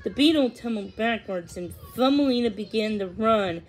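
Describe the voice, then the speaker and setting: A woman narrating a storybook read-aloud in a measured, expressive way. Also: fairly high pitch, a little hiss or hum, poor audio. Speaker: reader.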